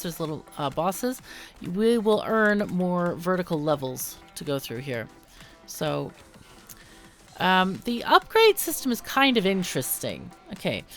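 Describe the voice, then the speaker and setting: A woman's voice: medium pitch, a bit bright. A woman hosting a casual let's-play, chatting through the game with lots of ums and self-corrections. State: hiccuping. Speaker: gaming channel host.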